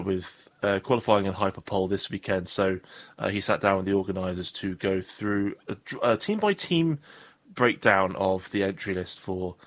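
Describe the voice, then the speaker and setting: Low-voiced rambling jokey man. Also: fairly bright tone. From southwest England. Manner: jokey, rambling, self-deprecating. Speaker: podcast co-host. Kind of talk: casual chat.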